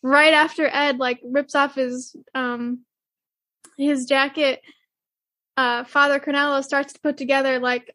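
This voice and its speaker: A woman's voice: high-pitched, little pitch movement, unhurried, pushed and bright, dry recording. A woman co-hosting a podcast in casual chat, rambling with many fillers and restarts and laughing often. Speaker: podcast co-host. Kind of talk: casual chat about an anime.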